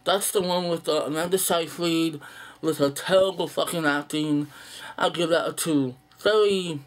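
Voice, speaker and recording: A young man with a slightly high voice, rambling through an unedited list in a casual monologue. He is blunt and profane, sighing and stalling with fillers as he goes. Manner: blunt, profane, dismissive opinions; sighs and halting fillers. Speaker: movie vlogger.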